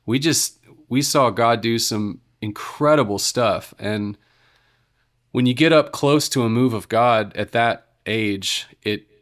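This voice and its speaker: A man's voice: medium pitch, slow pace. Earnest man telling his faith story. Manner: earnest, warm, filled with "you know" and restarts. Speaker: worship leader and guest. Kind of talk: casual storytelling interview.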